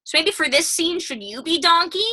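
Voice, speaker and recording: A woman's voice: very high-pitched, animated, normal speed, pushed and bright. A young woman co-hosting a podcast in casual, giggly chat. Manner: giggly and chatty. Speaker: podcast co-host.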